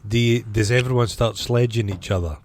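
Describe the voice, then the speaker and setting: Low-voiced joking Scottish man. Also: fairly quick, a little hiss or hum. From Scotland. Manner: joking, rambling, teasing. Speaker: podcast co-host. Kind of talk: casual banter.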